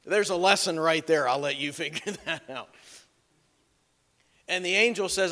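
A pastor preaching a sermon who retells a scripture story with folksy jokes and asides. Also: male voice, fairly high pitch, normal speed, long pauses, sharp tone, long reverb tail.

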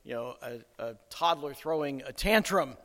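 A man's voice: mid-range voice, expressive, normal speed, sharp tone, big-room sound. A man preaching a sermon as pastor, conversational and emphatic, with chuckles along the way.

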